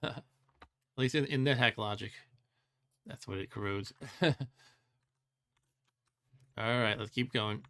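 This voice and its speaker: A man's voice: on the low side, slow, long pauses, pushed and bright. A man hosting a let's play, thinking aloud as he plays, musing and second-guessing himself with wry complaints and frequent chuckles. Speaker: host.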